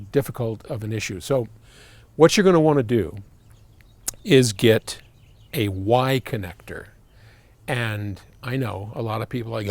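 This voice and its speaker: An older American man with a gravelly voice talks through a viewer's question in an easy, chatty way. His pitch swings freely as he reads the letter and adds his own asides. The sound is dry and close. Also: no room sound. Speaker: host answering viewer questions. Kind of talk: casual advice talk.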